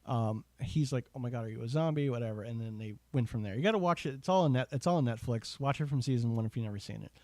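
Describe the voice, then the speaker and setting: A man's voice: medium pitch, lively intonation, fast, hardly any pauses, mellow, no echo. A man hosting a casual online show, rambling enthusiastically with lots of fillers and asides. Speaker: podcast host. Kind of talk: casual chat.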